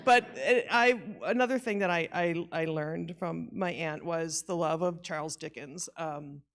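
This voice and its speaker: Speaking a little slowly in a fairly low voice, a woman offers an informal tribute to her aunt at a church memorial. Her eulogy rambles, pokes fun at herself, and breaks into frequent laughter over shared memories.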